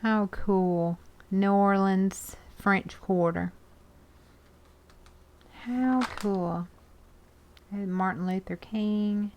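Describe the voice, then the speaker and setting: A woman's voice: mid-range voice, steady tone, very slow, pauses often, a little mellow. A woman chatting casually as she sorts through magazines, exclaiming over pictures and reading bits aloud. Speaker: art journaling video host. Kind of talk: casual chat while sorting magazines.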